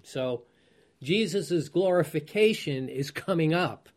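A man's voice: a little high, slow pace, a little mellow. A man teaching a Bible study, reading scripture aloud and then explaining it, often chuckling and checking in with his listeners. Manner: asks listeners rhetorical check-in questions.

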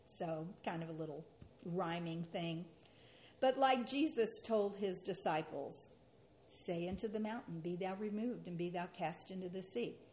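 Woman preacher, unhurried earnest sermon, reads scripture, faint room noise behind. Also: medium pitch, darkish tone. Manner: slow, earnest delivery with rhetorical questions.

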